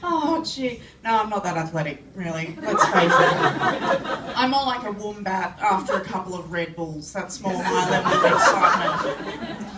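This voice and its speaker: A woman's voice: mid-range voice, moderate pace. A woman with an Australian accent doing a self-deprecating stand-up set in a pub, recorded by a phone from the crowd. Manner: self-deprecating, animated storytelling. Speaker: stand-up comedian. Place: pub comedy club. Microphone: phone camera from the audience. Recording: echoey pub room from far, noisy.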